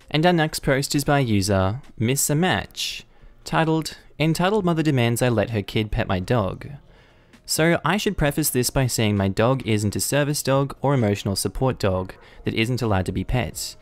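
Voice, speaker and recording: A man narrating online stories in a steady, matter-of-fact reading voice. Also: medium pitch. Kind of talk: scripted story narration.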